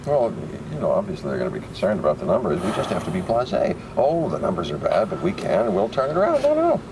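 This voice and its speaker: A man's voice: low-pitched, quick pace, background noise, full character voice. A man playing an eager, nervous American political consultant who stammers. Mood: animated. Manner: animated, stammering.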